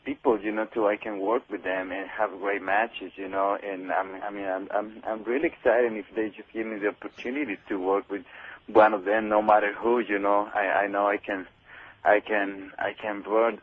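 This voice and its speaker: A man guesting on a radio show by phone, answering in halting bursts with many fillers and restarts. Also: fairly low pitch, flat delivery, husky. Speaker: wrestler guest. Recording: tinny phone line.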